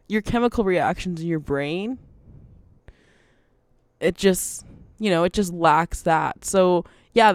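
A woman's voice: on the low side, a little mellow, clean tone, dry recording. Rambling, laughing woman, dry close sound. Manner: rambling, laughs often, swears freely. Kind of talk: casual monologue.

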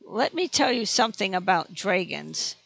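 A narrator voicing a huge, ambitious female dragon who speaks in a measured, matter-of-fact way. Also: medium pitch, very animated, creaky, pushed and bright, no echo, exaggerated voice. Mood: calm. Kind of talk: audiobook reading.

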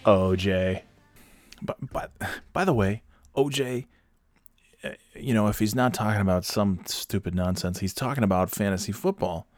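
A man's voice: lowish voice, normal speed, no room sound, clean studio sound, faint music behind. A man hosting a casual talk show, ranting about sports in a profane, sarcastic, rambling way.

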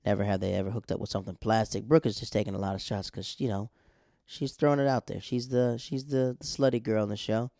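Mellow-voiced man recapping a show. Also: on the low side, steady tone, fast, creaky, no echo, studio quality. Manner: slangy, laid-back storytelling. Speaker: TV episode recapper. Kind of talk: casual episode recap.

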